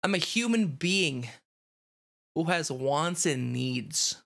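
A woman's voice: sits low, animated, slow, gravelly, a bit bright. A woman streaming live, chatting on a call in a rambling, crude and giggly way. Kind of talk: casual live-stream chat.

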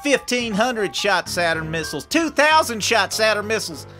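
Man doing a rambling hick fireworks king, bright pushy voice, twang, hard-sell bravado. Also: high-pitched, very animated, normal speed, soft background music, heavily acted. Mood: salesy. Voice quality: folksy, rambling, salesman bravado. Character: boastful small-town fireworks seller, pork-loving hick. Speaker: guest. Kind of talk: improvised comedy podcast character.

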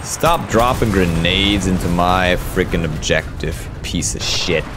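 A low-voiced man streams a war shooter at a measured pace, commenting on the action and talking with his chat mid-game while swearing often. Music plays in the background along with the game's gunfire, explosions, and artillery.

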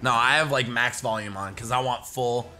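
Calm, encouraging gamer guy on voice chat. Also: medium pitch, slight background noise. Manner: calm, encouraging, gives quick callouts to a teammate. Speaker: gamer and channel host. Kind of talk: casual chat while playing an online match.

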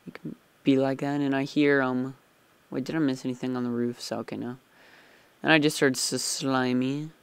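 A man's voice: mid-range voice, level tone, normal speed, vocal fry, clear, resonant tone, no echo. A man giving rambling, chatty commentary while playing a game, easily startled. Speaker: let's play gamer. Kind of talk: casual gameplay commentary.

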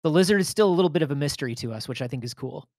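Higher-voiced man with wry asides. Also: expressive, a little mellow, no echo, clean studio sound. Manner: quick, wry comments. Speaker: podcast co-host. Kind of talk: casual movie discussion.

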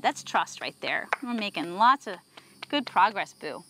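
A woman horse trainer working a horse outdoors, explaining to viewers and softly praising the horse as she goes. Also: mid-range voice, sing-song, unhurried, noisy background. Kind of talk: instructional training video.

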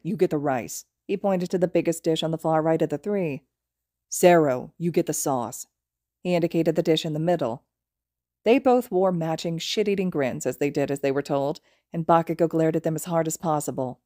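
Low, mellow woman reading a story. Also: dry recording, clean studio sound. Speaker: podfic reader. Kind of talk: audiobook narration of fan fiction.

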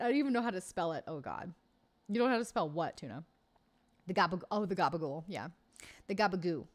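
A bubbly woman with a mid-range voice hosts a livestream, chatting casually and reading out live comments. She swears freely and laughs often.

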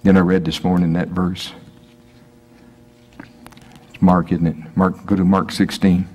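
A man's voice: sits low, level tone, a little slow, a little mellow, slight background noise. A man preaching a sermon in a church, reading scripture aloud and explaining it conversationally, acting out the speakers' lines. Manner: conversational, acts out voices, breaks into laughter.

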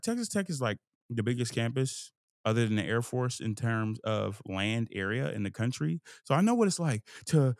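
A young man hosting his own show, telling a long personal story in a casual, animated and profane way, acting out the scenes and his own thoughts as he goes. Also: medium pitch, no echo, studio quality. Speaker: host.

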